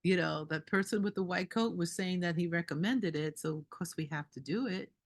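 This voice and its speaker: A woman doula telling a story at a group meeting, animated and indignant, laughing between lines. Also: lowish voice, brisk.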